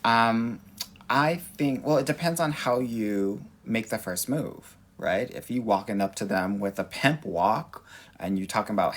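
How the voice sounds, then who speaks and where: A sassy, animated man from Los Angeles with a Valley accent, a dating coach answering viewer questions on a livestream. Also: fairly low pitch, moderate pace.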